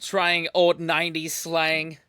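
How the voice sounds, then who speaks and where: Bright-voiced American guy reacting. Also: a little high, completely flat delivery, slow pace, clear, resonant tone, no echo. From United States. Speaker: reaction channel host. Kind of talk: casual chat.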